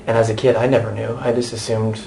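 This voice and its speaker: A man's voice: on the low side, flat delivery, fast talker, vocal fry, warm tone, a little hiss or hum. An American man in his thirties, an actor giving a candid, chatty interview with many restarts and asides. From United States.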